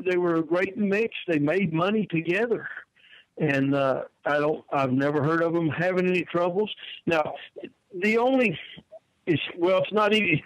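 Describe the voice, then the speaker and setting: In an interview answer, an older wrestling manager spins stories in a homespun style, repeating himself often. The recording has no echo and is low-quality, and his voice sits on the high side.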